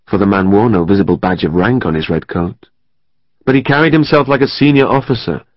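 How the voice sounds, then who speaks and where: A man reading a historical novel as audiobook narrator, in a steady, even storytelling manner. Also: lowish voice, no room sound. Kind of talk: scripted narration. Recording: dry, slightly muffled studio.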